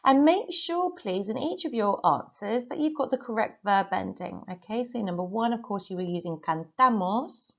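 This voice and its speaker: A woman Spanish teacher giving a recorded lesson, reading dictation sentences slowly and carefully, then going through corrections. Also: mid-range voice, lively intonation, muffled recording. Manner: slow, carefully spelled-out dictation.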